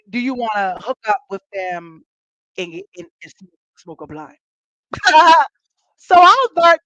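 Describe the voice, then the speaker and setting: Lively woman telling a story, laughing. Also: fairly high pitch, no echo. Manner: animated, laughing, acts out quotes. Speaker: podcast host. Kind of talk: casual storytelling to listeners. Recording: dull muffled dry sound.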